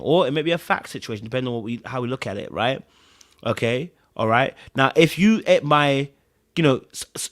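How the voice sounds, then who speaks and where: A man's voice: medium pitch, a bit bright. Emphatic man giving advice. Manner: emphatic, repeats key words, keeps checking in with "right?". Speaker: podcast host. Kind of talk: casual advice talk to live viewers.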